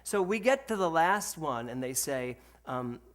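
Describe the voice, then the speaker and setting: Lively laughing man telling a sermon story. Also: on the high side. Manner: slows to soft, reflective tone for spiritual points. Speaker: spiritual center speaker. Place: speaking to a congregation with slides.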